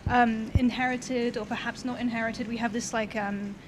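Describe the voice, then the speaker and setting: A woman's voice: fairly high pitch, little pitch movement. Chatty woman host outdoors. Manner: chatty, lots of fillers, slower when reading. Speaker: podcast host and card reader. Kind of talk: casual interview and reading aloud. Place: outdoors in the cold. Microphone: handheld microphone. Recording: outdoor street noise.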